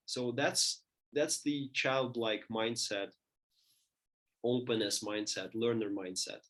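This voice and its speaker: Man, lecturer, halting delivery, frequent restarts, middle-pitched voice. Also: fairly even intonation, a bit bright. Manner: thinking aloud, many restarts and fillers. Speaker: teacher.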